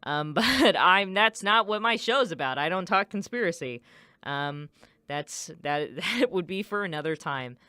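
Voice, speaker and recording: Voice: mid-range voice, animated, unhurried, sharp tone, clean tone, no room sound. A radio DJ chatting casually, rambling with many fillers and self-corrections. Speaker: radio DJ host.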